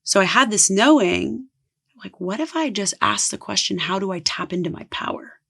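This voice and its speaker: A woman's voice: mid-range voice, animated, moderate pace, creaky, a bit bright. A woman guest on a podcast, a spiritual coach telling a personal story in an earnest, casual way, often saying "like". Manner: earnest, heavy use of "like".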